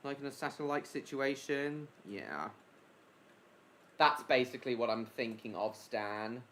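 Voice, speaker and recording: A man hosting a casual live stream, his voice at an ordinary middle pitch. He rambles through his ideas with lots of basically and reckon, breaking off mid-sentence to greet and answer viewers by name. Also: expressive, measured pace, fairly bright tone, slight background noise.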